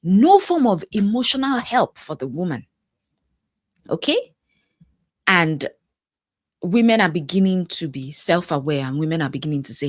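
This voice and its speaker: A woman, a life coach giving reaction commentary on a viral video, animated, laughing often and acting out the people she quotes. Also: lowish voice, normal speed, long pauses, dry recording, studio quality.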